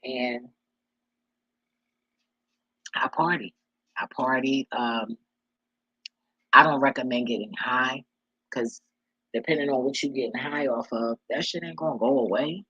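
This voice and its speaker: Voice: mid-range voice, measured pace, pauses often, pushed and bright, slightly rough, no room sound, highs cut off. A vlogger giving life advice in a casual monologue, blunt and profane, with a preachy street-talk manner.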